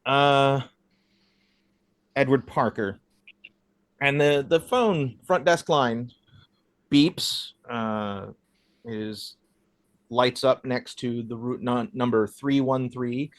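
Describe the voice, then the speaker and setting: A man's voice: mid-range voice, drawn-out words, long pauses, dry recording. A man running a tabletop game as game master, narrating the scene with frequent fillers. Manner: lively narration with hesitant fillers.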